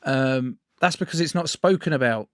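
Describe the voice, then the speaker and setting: A man's voice: mid-range voice, normal speed, smooth, dry recording, studio quality. A man, a podcast guest telling a personal story candidly, blunt, sweary and self-mocking.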